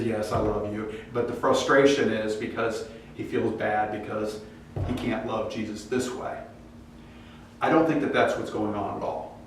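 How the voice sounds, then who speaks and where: A man leads a church Bible class, talking casually and acting out quotes with sudden jumps in pitch. His voice sits in the middle range. He is picked up from a distance in a very echoey room, with a faint hiss behind him. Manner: animated, acts out quoted dialogue with rising pitch. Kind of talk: classroom lecture.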